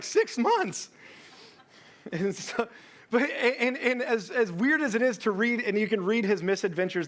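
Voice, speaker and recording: A man's voice: high voice, a bit bright. A man preaching a sermon as pastor, telling a story with humor and acting out the people in it. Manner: storytelling with humor, acts out quoted voices.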